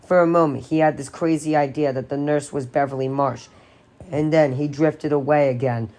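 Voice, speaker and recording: A woman with a notably low voice reads a horror novel aloud. Her delivery is steady and expressive, like a careful audiobook reader. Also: normal speed. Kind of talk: dramatic reading of a novel.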